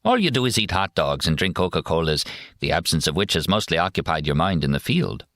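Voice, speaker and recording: A man's voice: deep voice, very animated, brisk, a bit bright, no room sound, studio quality, exaggerated voice. A man voicing a sardonic young male soldier who mockingly describes a hero's homecoming. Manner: sarcastic, mock-cheerful storytelling.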